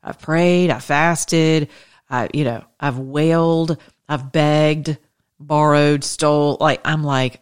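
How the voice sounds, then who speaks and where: A woman minister preaching with fervent testimony, swinging between loud declarations and hushed asides. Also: low voice, steady tone, takes it slowly, smooth. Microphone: studio microphone.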